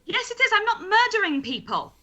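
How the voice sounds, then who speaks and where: A woman's voice: extremely high pitch, sing-song, fairly quick, dull audio, crowd noise. A woman as a player in a tabletop game, earnest and insistent. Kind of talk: casual tabletop play.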